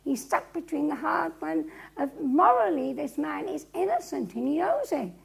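A woman preacher with a gravelly voice, dramatically retelling a story to a live audience. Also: high-pitched, big pitch swings, normal speed, poor audio.

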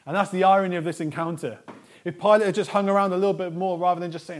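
This pastor talks fast but keeps a steady tone throughout his earnest sermon. Repeated lists get special stress, while his voice moves from quiet and low to loud and forceful.

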